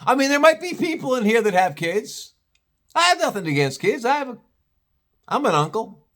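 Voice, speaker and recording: A man's voice: very high-pitched, sing-song, normal speed, a bit bright. A man telling an exasperated, profane story as a vlogger, with sarcastic asides.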